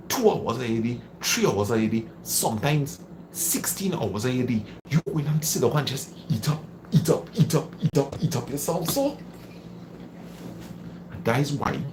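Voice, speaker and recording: With background noise present, a medium-pitched man from Trinidad and Tobago hosts a live stream. He gives relaxed motivational advice, repeats phrases to stress them, and replies to comments from viewers.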